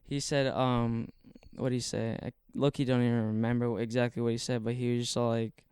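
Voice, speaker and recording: Smooth-voiced young man telling a story. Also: medium pitch, level tone, fairly quick, a little mellow, no echo, studio quality. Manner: rambling, filler-heavy, swears a lot. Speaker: podcast guest. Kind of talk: casual storytelling.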